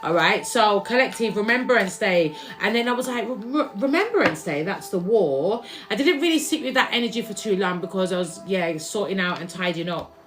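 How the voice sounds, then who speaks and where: A woman's voice: mid-range voice, fairly quick, hardly any pauses, fairly bright tone. A woman giving a casual, rambling live tarot reading to her viewers, repeating herself and restarting her words as she goes. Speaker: tarot reader.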